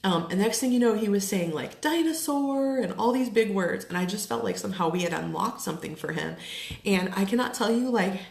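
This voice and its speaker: A woman's voice: mid-range voice, a little fast, gravelly, a little mellow. A woman in her thirties chatting casually to camera at home, full of fillers and likes, getting emotional at times. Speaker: essential oils seller. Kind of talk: casual live chat to camera. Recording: echoey room.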